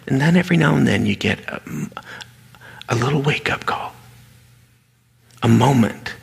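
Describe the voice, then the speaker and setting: A man's voice: medium pitch, lively intonation, moderate pace, vocal fry, breathy edge. A middle-aged man preaching a sermon, telling a story animatedly and dropping to a near whisper at emotional moments. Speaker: pastor. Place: large hall with audience. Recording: reverberant hall.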